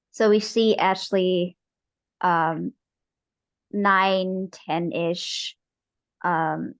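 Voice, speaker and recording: A woman narrating as game master of a tabletop game. She speaks slowly and haltingly, pausing often. The sound is dry and close. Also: lowish voice, no room sound. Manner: halting, many filler pauses.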